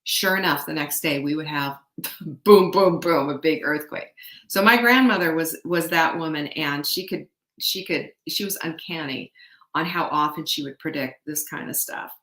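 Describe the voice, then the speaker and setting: A woman's voice: low voice, moderate pace, a bit bright. A middle-aged woman hosting a motivational talk, chatty and often putting questions to her audience. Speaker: host. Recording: echoey room.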